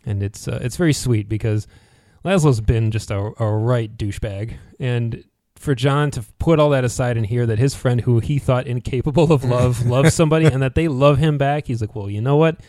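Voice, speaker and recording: A man's voice: mid-range voice, moderate pace, hardly any pauses, dry recording. Chatty male podcast co-host, dry sound. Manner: animated, acts out characters' lines while recapping. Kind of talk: casual podcast chat.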